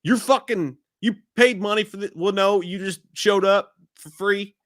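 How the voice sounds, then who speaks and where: Male co-host, bright and forceful tone, profane and excitable, dry close mic. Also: high-pitched, measured pace, no room sound. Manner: profane, excitable, animated storytelling. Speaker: podcast co-host. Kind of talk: casual live-stream banter.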